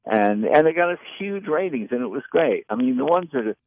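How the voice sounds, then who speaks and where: A man in his sixties, a comedian and former talk show host, telling lively anecdotes in an interview and acting out the people in them. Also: mid-range voice, fairly quick, creaky. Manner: animated anecdotes with quoted voices. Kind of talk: storytelling interview. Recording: dull lo-fi dry sound.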